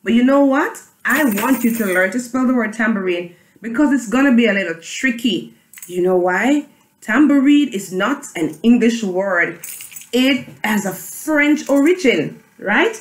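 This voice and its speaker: A woman's voice: fairly high pitch, expressive, a little slow, echoey room. A woman teaching a children's phonics reading lesson, chanting and spelling letters aloud with her class. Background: tambourine jangling.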